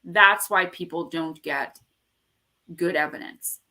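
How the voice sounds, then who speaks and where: A woman hosting a casual live stream about the paranormal, rambling and animated as she tells stories. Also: fairly low pitch, slow pace, creaky. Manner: animated, rambling storyteller who acts out quotes. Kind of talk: casual livestream chat.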